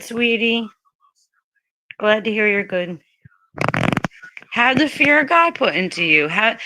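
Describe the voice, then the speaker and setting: A woman's voice: on the high side, pushed and bright, no room sound. A woman hosting a casual livestream, chatting bluntly and profanely with her viewers. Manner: blunt and profane, talking straight to the chat. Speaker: livestream host.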